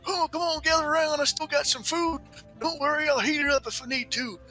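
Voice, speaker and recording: Man playing an excitable old cowboy cook, high and twangy, fussing nonstop. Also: a little fast, soft background music. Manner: frantic folksy drawl, Old West slang.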